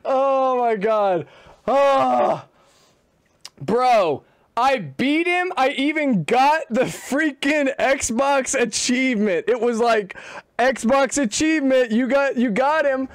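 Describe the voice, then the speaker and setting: A man's voice: very high-pitched, slow pace, smooth, no echo, studio quality. A young man giving casual, profane live commentary while streaming a game. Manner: casual and profane, swears freely.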